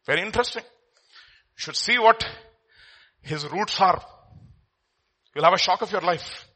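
A man from India delivers a sermon in a bright, slightly raised voice with a husky edge. He swings between loud, emphatic bursts and hushed, confiding asides, pushing key words hard. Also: high-pitched, unhurried. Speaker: preacher.

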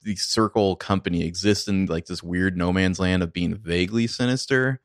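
A man's voice: low-pitched, normal speed, dry recording. A man co-hosting a casual film review chat with wry, dry humor and repeated words. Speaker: podcast co-host.

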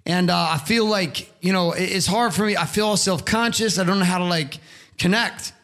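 A man's voice: high-pitched, moderate pace, fairly bright tone. A middle-aged man giving an impassioned motivational monologue, preachy and emphatic, swearing freely. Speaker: motivational speaker.

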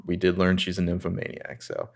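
A man's voice: low-pitched, monotone, fairly quick. A man hosting a podcast, recapping a TV episode in a casual, rambling way with crude humor. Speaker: podcast host.

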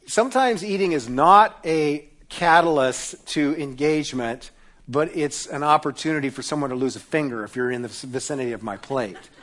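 A middle-aged man delivers a sermon as pastor in an easy, conversational way. His voice sits slightly high for a man, and he leans on self-deprecating humor. He drops to a quiet, hushed voice when he drives a point home.

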